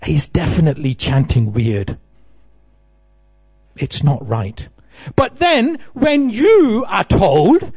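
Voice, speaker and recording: A man's voice: high-pitched, sing-song, slow pace, darkish tone, slightly rough. A middle-aged man giving a devotional class, telling humorous, self-deprecating stories. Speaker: temple speaker.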